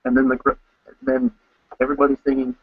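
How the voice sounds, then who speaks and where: A man co-hosting a casual podcast recap, telling events with excitement and acting out his own reactions. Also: medium pitch, fast, husky, no room sound. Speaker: co-host. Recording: dull lo-fi, dry sound.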